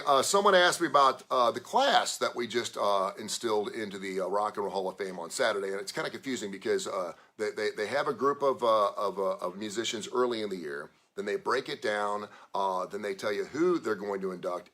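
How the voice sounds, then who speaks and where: Hyped-up bright-voiced male radio host. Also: fairly low pitch. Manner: hyped, loud shout-outs and rambling asides. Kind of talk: solo radio show monologue.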